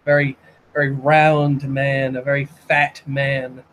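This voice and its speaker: A man's voice: mid-range voice, little pitch movement, slow, a bit bright, slight background noise, poor audio. A man narrating as game master of a tabletop game, hesitant with many fillers.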